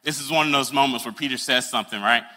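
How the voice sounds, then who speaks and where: Bright-voiced, earnest male preacher. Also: medium pitch, fast talker, big-room sound. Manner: earnest and conversational, acting out the scenes he describes. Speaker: pastor. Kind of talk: sermon.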